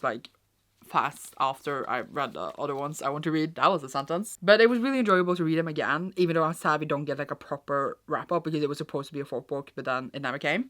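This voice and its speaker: In a cold room at home, a chatty young book vlogger records a casual wrap-up video. She speaks in a low, slightly bright voice, wandering off on tangents and filling her talk with restarts and fillers.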